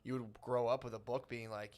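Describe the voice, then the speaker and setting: A man's voice: medium pitch, little pitch movement, a little mellow. A man co-hosting a podcast in casual chat, telling stories and swearing freely. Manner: fast, swearing, storytelling. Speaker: podcast co-host.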